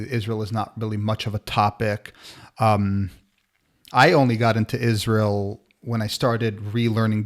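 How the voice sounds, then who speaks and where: A man in his thirties hosting a podcast, talking casually with many restarts. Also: fairly low pitch. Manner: conversational, frequent restarts and fillers. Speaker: podcast host. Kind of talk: casual conversational interview.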